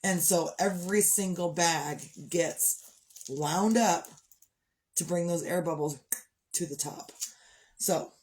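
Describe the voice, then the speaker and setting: Tired middle-aged woman, low-pitched, rambling livestream chat with sighs. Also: slow, pauses often, a little mellow, a little hiss or hum. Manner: rambling, chatty, yawning and sighing. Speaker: livestream host. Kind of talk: casual chat.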